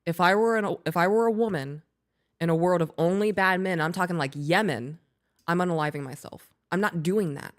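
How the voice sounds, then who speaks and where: A woman's voice: lowish voice, fairly quick. A woman co-hosting a podcast in casual chat, talking bluntly with frequent swearing and laughing through her stories. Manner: blunt, profane, laughing while storytelling. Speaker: podcast co-host.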